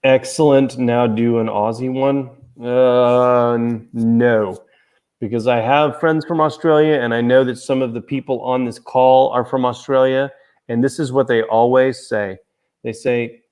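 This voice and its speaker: A man's voice: mid-range voice, fairly even intonation, a little slow, darkish tone, clear, resonant tone. A man hosting a casual livestream chat, rambling and joking, talking from outdoors near a golf course. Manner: rambling, easily distracted, joking. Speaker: host and author.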